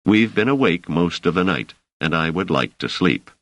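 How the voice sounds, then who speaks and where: A wry, impatient scholarly man from an audiobook, as a deep-voiced male narrator plays him. The voice is very low but moves a lot in pitch, with dry irony and little patience. The recording is close and dead dry. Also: lively intonation, normal speed, fairly bright tone, no echo. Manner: dryly ironic, exasperated.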